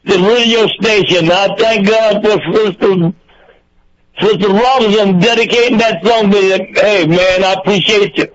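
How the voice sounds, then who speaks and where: An older man from Georgia calls in with a fairly high voice. He rambles through old memories in a relaxed, repetitive way. The call sounds dull and lo-fi. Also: moderate pace. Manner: warm-hearted storyteller, repeats himself. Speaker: radio caller. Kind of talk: casual reminiscing chat.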